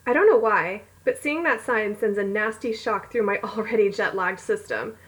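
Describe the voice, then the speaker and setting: A woman's voice: medium pitch, moderate pace, fairly bright tone, low-quality recording. A woman reading her own romance novel aloud at home, breaking off for giggly, rambling, self-mocking asides. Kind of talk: casual read-along with chatty asides.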